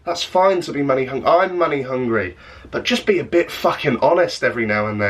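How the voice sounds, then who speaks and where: A young Englishman rants to camera, blunt, sarcastic and full of swearing. His voice sits fairly high for a man. Faint music plays softly behind him. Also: animated, fairly quick. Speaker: YouTuber. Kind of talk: ranting vlog.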